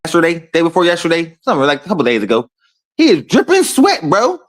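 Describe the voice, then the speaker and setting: A man with a high voice that swings widely up and down hosts a boxing talk stream. He chats casually with his viewers and trash-talks in a loud, profane way. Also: huge pitch swings, quick pace. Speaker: boxing talk show host. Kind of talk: casual livestream chat.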